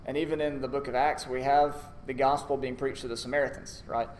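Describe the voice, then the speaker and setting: A man's voice: medium pitch, level tone, fairly quick, darkish tone. A man preaching a sermon in a conversational, storytelling way, acting out short asides. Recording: echoey room with faint noise.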